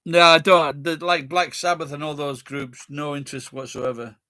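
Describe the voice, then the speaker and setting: A man's voice: fairly high pitch, level tone, normal speed, sharp tone, no echo, clean studio sound. Sweary blunt man with Sheffield accent. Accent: Sheffield English. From Sheffield, England. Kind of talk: casual chat with friends.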